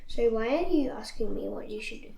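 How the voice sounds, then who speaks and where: Stern old prophet's spirit, read plainly by a woman; high voice with a gravelly edge in a roomy space. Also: animated, a little fast, dark tone, recorded from a distance. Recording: echoey room, faint noise.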